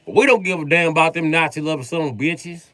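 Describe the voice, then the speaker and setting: A man putting on a loud, high blustering rural guy. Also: fast, no echo.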